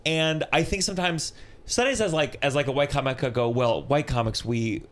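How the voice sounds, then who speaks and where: A man's voice: on the high side, animated, fairly quick, fairly bright tone. A man hosting a comedy podcast, easygoing, chiming in often with short affirmations. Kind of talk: casual podcast chat.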